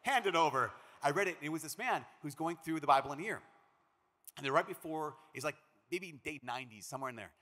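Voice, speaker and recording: A man from Minnesota, a priest giving a conference talk, an animated storyteller who acts out the quotes he tells. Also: a little high, fast talker. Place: large conference hall. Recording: long reverb of a big hall.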